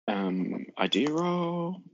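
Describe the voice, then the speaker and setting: A man's voice: a little high, sing-song, very slow, lo-fi sound, noisy background. A man playing a tabletop game over an online call, matter-of-fact and methodical. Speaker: player.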